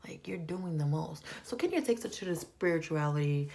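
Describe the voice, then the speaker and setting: A woman doing a casual, slangy recap of a reality TV episode, animated and chatty. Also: deep voice, a little fast, gravelly. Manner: animated, slangy, shifting into loud quoted voices. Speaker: TV recap vlogger.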